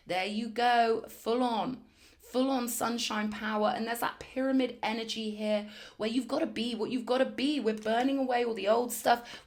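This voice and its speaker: High-voiced woman giving tarot readings. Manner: emphatic, affirming, repeats phrases for effect. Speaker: tarot reader.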